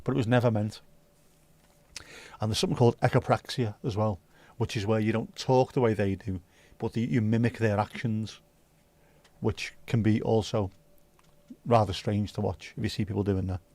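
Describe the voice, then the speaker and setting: A man's voice: on the low side, fairly even intonation, moderate pace, darkish tone, no echo. A man hosting a casual livestream, chatty and jokey as he reacts to chat messages. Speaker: livestream host.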